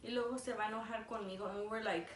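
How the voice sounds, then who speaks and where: A woman's voice: medium pitch, steady tone, racing. A young woman casually telling a story over a meal, rambling with constant "like" fillers and switching languages mid-sentence. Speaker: vlogger co-host. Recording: echoey room, distant mic, faint noise.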